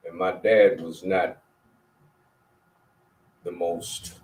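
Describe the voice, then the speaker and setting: A man telling a personal story in a group, measured and reflective. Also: sits low, little pitch movement, darkish tone, distant mic. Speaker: participant. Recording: roomy, off-mic, faint background noise.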